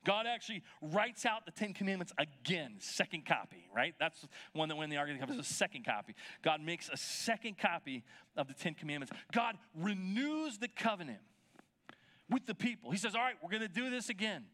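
A man's voice: a little high, sing-song, fairly quick, pushed and bright. A man preaching a sermon as pastor, retelling scripture in a conversational way and checking in with his listeners.

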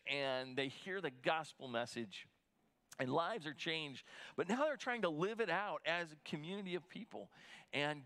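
A man's voice: on the high side, a bit bright. A middle-aged man, a pastor, giving a conversational sermon with a personal story, talking in restarts and fillers.

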